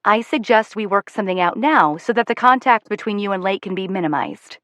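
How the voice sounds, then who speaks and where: A stern, protective mother in an audiobook, read by a woman. She speaks firmly and a little accusingly, in a middle-pitched voice. The sound is close and dry. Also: lively intonation, a little fast, fairly bright tone, dry recording, lightly acted. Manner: firm and accusing. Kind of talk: audiobook character voice.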